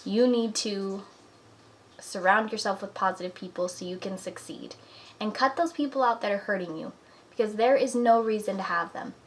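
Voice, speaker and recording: A woman's voice: medium pitch, normal speed, poor audio. A young woman in her twenties talking earnestly to camera at home, giving encouraging life advice in a casual chatty way. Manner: earnest, encouraging, talks with "like" and "you know". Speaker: vlogger. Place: apartment at home.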